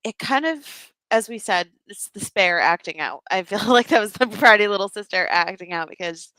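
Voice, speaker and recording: Thoughtful woman co-host, mid-pitched, dry close recording, casual livestream. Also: expressive, normal speed, bright, forceful tone, no echo, low-quality recording. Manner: thoughtful, explains at length, reads out viewer comments. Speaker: podcast co-host. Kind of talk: casual fan discussion livestream. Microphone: home mic on a video call.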